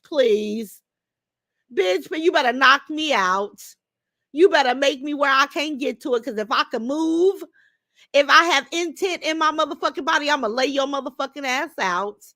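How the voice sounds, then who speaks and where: A high-pitched, bright-toned woman, talking straight into a close, dry mic. She is a middle-aged livestream host who swears freely and squares up to her rivals while she reads out comments. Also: dry recording. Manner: profane, confrontational, calling out rivals. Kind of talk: unscripted livestream chat.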